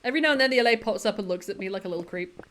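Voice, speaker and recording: A woman's voice: mid-range voice, expressive, racing, a bit bright, slight background noise. A woman chatting casually on a livestream, laughing often and quoting comedy lines. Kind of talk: casual chat with chat while gaming.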